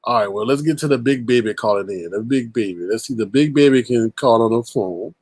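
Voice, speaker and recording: A man's voice: mid-range voice, fairly quick, few pauses, a little mellow, no echo. A man hosting a casual commentary show who narrates over clips and drives each point home by repeating it. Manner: emphatic, repeats his points. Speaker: commentary host.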